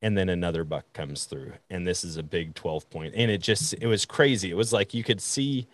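A young man hosting a podcast, telling a story in casual conversation in an animated way and acting out the other people in it. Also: deep voice, brisk. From Wisconsin. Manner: animated, acts out quoted voices. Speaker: podcast host.

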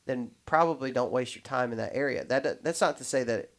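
A man's voice: mid-range voice, fairly quick, vocal fry. A man in casual podcast chat, talking in loose, rambling sentences full of restarts and fillers.

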